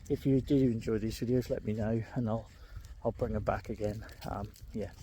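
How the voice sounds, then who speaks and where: A middle-aged man in pain talks candidly while walking his dog along a country lane. His voice is mellow and his speech rambles, full of ums. An earbud mic picks him up, with faint outdoor ambience behind. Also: lowish voice, steady tone, moderate pace, slight background noise. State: in pain, limping. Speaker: vlogger. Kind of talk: casual walking vlog.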